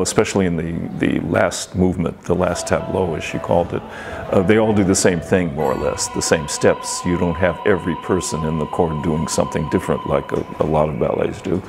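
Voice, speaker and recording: A man who works as a ballet master, explaining the difficulties of a piece in a measured interview, with occasional hesitant fillers. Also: deep voice, vocal fry, darkish tone, slight background noise. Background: music.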